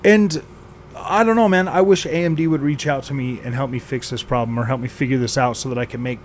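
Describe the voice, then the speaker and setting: A man's voice: medium pitch, fast, slight background noise. A man hosting a gaming channel, venting with exasperation, sighing and repeating himself as he rants. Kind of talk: frustrated venting vlog.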